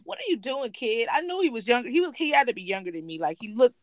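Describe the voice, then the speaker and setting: A young woman co-hosting a casual podcast chat, telling a story in an animated way, acting out what people said, laughing often. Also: on the high side, quick pace, no room sound. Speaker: podcast co-host.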